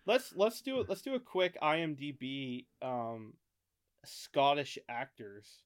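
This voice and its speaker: An American man co-hosting a podcast in casual chat, rambling, thinking out loud and swearing often. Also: mid-range voice, very animated, takes it slowly, smooth. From United States. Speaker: podcast co-host.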